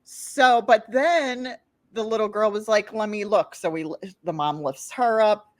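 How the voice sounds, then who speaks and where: Brief: woman podcast co-host, lively storyteller, voices the people she quotes, dry close mic. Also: medium pitch, measured pace, no room sound. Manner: animated storyteller, acts out quotes. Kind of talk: casual storytelling chat.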